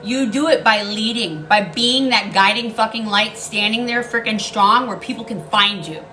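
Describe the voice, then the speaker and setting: This tarot card reader has a medium-pitched, sharp voice and talks at normal speed, with slight background noise on a rough recording. Her casual reading is emphatic and blunt, full of swearing and repeated key lines.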